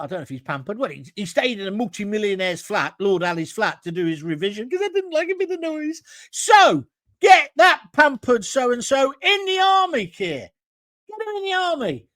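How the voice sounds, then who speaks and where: A middle-aged man with a British accent hosts a live opinion show, blunt and combative as he works through viewer comments. His voice sits high for a man. The sound is dry, with no room echo. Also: a bit bright. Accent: British English. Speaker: host.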